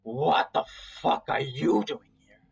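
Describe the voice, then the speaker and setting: A man's voice: on the high side, very animated, normal speed, fairly bright tone, no echo, pitched above the performer's own voice. A man voicing a terse, hostile male salamander, speaking with clipped warning.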